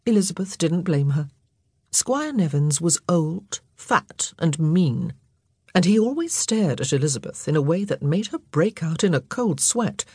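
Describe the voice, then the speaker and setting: Low, husky woman narrating. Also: animated, dark tone, no echo, clean studio sound. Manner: measured, storytelling. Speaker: audiobook narrator. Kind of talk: scripted narration.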